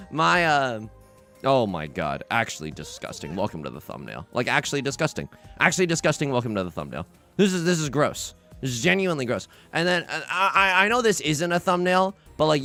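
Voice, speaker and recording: Rambling, gravelly young man streaming. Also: mid-range voice. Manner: rambling, self-deprecating, nervous and chatty; sudden loud excited outbursts. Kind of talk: casual livestream chat while playing mahjong.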